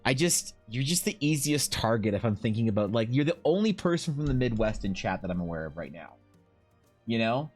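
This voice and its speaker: A man's voice: medium pitch, a little fast, faint music behind. A young man, streaming and chatting casually with his viewers, rambling and swearing freely. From Canada. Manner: rambling, animated, swears freely, lots of fillers.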